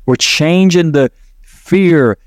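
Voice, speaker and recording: In a guided visualization talk, a male podcast host and NLP coach leads an exercise while rambling and self-correcting. His voice is on the high side with drawn-out words, and the studio sound is clean with no room sound.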